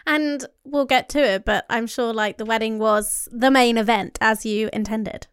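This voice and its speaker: A woman's voice: on the high side, fairly even intonation, normal speed, fairly bright tone, clear, resonant tone, no echo, clean studio sound. A woman hosting an interview, chatty and eager. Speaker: podcast host. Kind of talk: interview chat.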